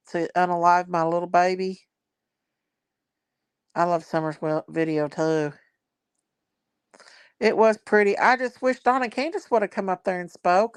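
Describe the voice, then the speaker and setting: A woman's voice: lowish voice, clean tone, dry recording. A woman hosting a casual livestream, chatting and reading viewer comments aloud. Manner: chatty, reads viewer comments aloud, Southern-style grammar. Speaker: livestream host.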